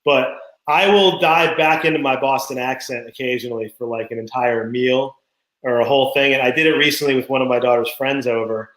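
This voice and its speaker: A middle-aged man co-hosting a casual dad podcast, telling animated stories about his kids and laughing often. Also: medium pitch, fairly quick, roomy sound, low-quality recording. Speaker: podcast co-host. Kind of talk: casual chat.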